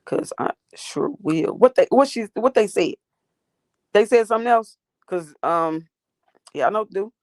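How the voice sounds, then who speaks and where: A woman's voice: mid-range voice, expressive, normal speed, a little mellow, no echo, clean studio sound. A woman hosting a livestream, ranting and talking back to her chat in a profane, confrontational way. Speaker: livestream host.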